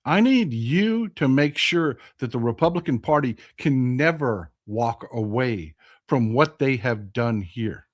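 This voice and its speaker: A man's voice: mid-range voice, expressive, measured pace. A man with a Texan accent hosting a political commentary vlog, speaking in an impassioned, blunt and profane way and repeating phrases for emphasis. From Texas. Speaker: host.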